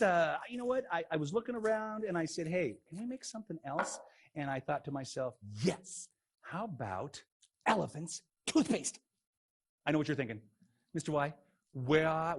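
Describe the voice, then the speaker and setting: A man teaching a playful science demo for kids, goofy and excitable, joking as he goes. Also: fairly high pitch, slightly rough.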